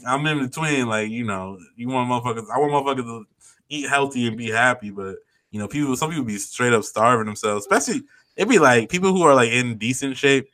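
A man's voice: medium pitch, fast, a bit bright. A man in casual, profane chat, laid-back and heavy on slang, talking as a podcast co-host.

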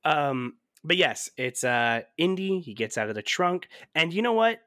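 A man hosting a casual movie-review podcast, animated and laughing often, with plenty of fillers. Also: on the high side, a little slow, no room sound, studio quality. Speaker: podcast host.

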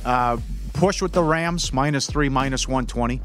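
A man co-hosting a sports betting show, talking in a casual, animated way with jokey outbursts. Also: mid-range voice, moderate pace, faint music behind. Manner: animated, jokey, loud bursts when mocking.

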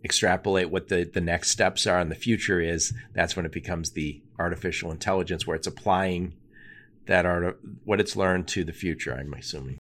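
Low-ish guy hosting a podcast, emphatic, acts out little quotes as he talks. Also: fairly even intonation, normal speed, fairly bright tone. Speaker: podcast host. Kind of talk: conversational interview.

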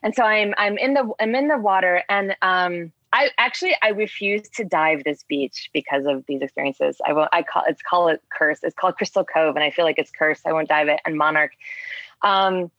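A woman's voice: lowish voice, moderate pace, dry recording. A woman casually telling a diving story, rambling with lots of "like" fillers and acting out what was said. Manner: rambling with many "like" fillers, animated retelling. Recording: dull dry lo-fi sound.

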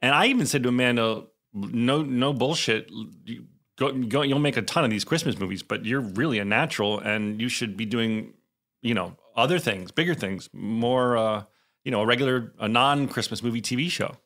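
A man's voice: mid-range voice, normal speed, a bit bright. A man co-hosting a podcast in casual chat, rambling and self-mocking with many restarts. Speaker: podcast co-host.

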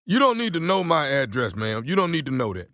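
A man's voice: on the high side, big pitch swings, brisk, pushed and bright, no echo, clean studio sound. A man playing a grumpy, nagging older male neighbor on a prank phone call, stammering and repeating himself. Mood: stubborn. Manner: pleading then blustering, repeats himself, stammers. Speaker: prank caller.

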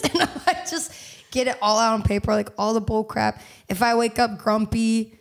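A young woman chatting as a podcast guest, bubbly and quick to laugh, her talk full of "like" and "you know". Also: fairly high pitch, steady tone. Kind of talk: casual podcast conversation.

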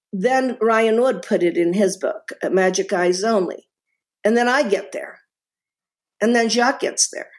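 A middle-aged woman, a guest author in a podcast interview, talking with passion and emphasis, often repeating words and restarting. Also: medium pitch.

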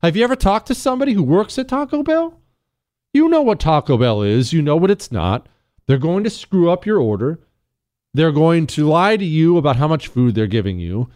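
Animated sarcastic radio host man. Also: on the high side, normal speed. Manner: sarcastic, animated rants with laughs. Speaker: radio talk show host. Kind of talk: radio talk show monologue.

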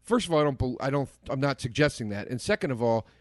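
A man's voice: medium pitch, expressive, fast, no room sound, clean studio sound. A man co-hosting a podcast, ranting in a bleak, profane, casual way. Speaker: podcast co-host. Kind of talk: casual chat.

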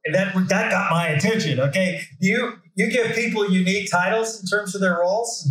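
Guy hosting an interview, kinda high voice, friendly, trips over his words, echoey room. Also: brisk, fairly bright tone. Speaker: interview host. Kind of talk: interview questions. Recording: roomy echo.

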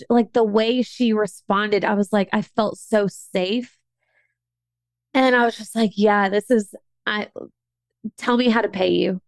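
Casting note: young woman, chatty storyteller full of "like", vocal fry, dry close sound. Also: medium pitch, no echo. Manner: chatty, lots of "like" and restarts, animated. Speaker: business owner. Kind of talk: casual storytelling monologue.

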